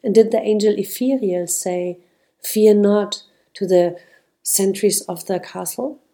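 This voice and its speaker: A woman's voice: medium pitch, fairly even intonation, measured pace, lightly acted. A woman voicing a kind, secretive old man. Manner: gentle, secretive, chuckling. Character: kind very old male flower seller.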